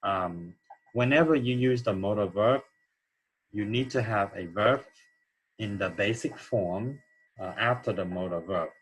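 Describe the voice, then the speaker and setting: A man with a low, husky voice walks through an English grammar lesson at an unhurried pace. He explains each answer plainly and keeps checking in with his students. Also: poor audio. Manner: slow, explanatory, checks in with "okay?". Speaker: English teacher.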